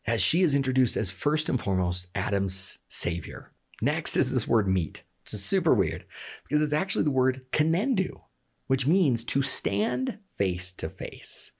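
Husky, gravelly man talking passionately. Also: medium pitch, big pitch swings, normal speed. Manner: passionate, emphatic, restarts mid-sentence. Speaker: guest explaining scripture. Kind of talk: animated podcast conversation.

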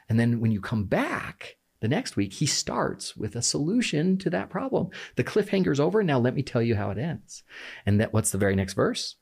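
A man with a low, gravelly and husky voice talks with passion in a relaxed conversation. His pitch swings widely as he stresses points, and he often breaks off to restart a sentence. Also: normal speed. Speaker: guest explaining scripture. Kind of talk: animated podcast conversation.

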